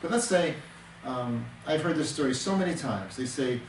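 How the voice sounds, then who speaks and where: A man's voice: medium pitch, lively intonation, moderate pace, slight background noise. Man, counselor, earnest teaching talk, repeats words for emphasis, distant mic, roomy echo.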